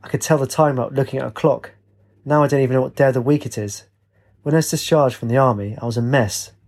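A man's voice: mid-range voice, steady tone, fast talker, darkish tone, close to an everyday voice. A man voicing a blunt, sarcastic homeless former soldier who mutters and mocks. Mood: weary.

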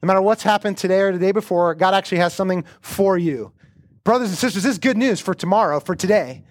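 A male pastor with a noticeably high voice delivers a sermon that moves between prayer and storytelling. He speaks earnestly and conversationally, like he's talking with his congregation. The sound is close and dry. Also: fast talker, no echo.

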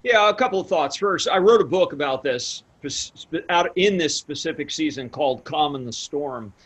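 A man's voice: fairly high pitch, lively intonation, normal speed, husky. A man, a pastor and author speaking as an interview guest in an emphatic, sermon-like storytelling manner. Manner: emphatic, storytelling, builds to shouts when retelling. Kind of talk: conversational interview, preaching tone.

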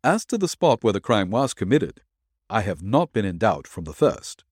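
A man voicing a calm, assured male detective in an audiobook, explaining step by step. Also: on the low side, dry recording, clean studio sound. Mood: measured. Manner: measured, explaining.

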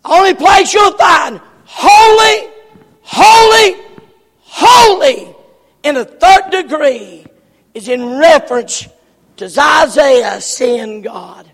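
A man preaching a sermon, often shouting and repeating words for emphasis. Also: extremely high pitch, expressive, slow, gravelly. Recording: long hall reverb.

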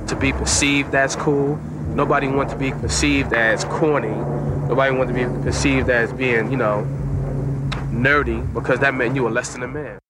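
A man's voice: mid-range voice, steady tone, normal speed. Thoughtful man speaking outdoors, with heavy street and vehicle noise behind him. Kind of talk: reflective talk. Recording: loud outdoor traffic noise.

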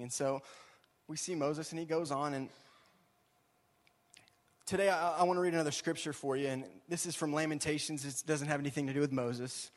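A high-voiced young man preaching a relaxed, chatty sermon to his congregation. He talks like a youth pastor, with a lot of "y'all" and "right?", and his voice rings out with a long reverb from the hall around him. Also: moderate pace. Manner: chatty, animated, says "y'all" and "right?" often. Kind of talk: casual sermon.

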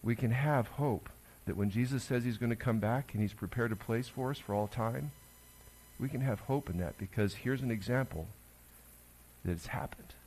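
A man, a pastor giving a conversational sermon that swings between loud emphasis and hushed asides. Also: medium pitch, moderate pace.

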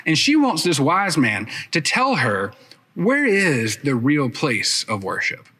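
A man's voice: fairly high pitch, wildly swooping pitch, slow, bright, forceful tone, slightly rough. Man preaching in a chatty storytelling way. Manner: conversational storytelling, chatty asides. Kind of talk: sermon.

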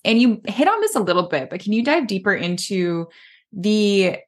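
A woman's voice: medium pitch, expressive, normal speed. A woman hosting a podcast interview as a mental performance coach, encouraging and enthusiastic as she affirms her guest.

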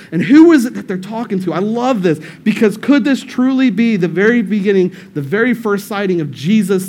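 High-voiced guy pastor preaching casual, jokey, keeps repeating himself, church room. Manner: animated, joking, repeats phrases. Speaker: lead pastor. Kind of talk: casual, storytelling sermon.

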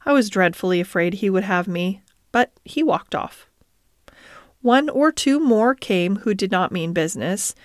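A woman's voice: medium pitch, dry recording. Woman reading a classic story, dry. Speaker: audiobook reader. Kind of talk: scripted narration.

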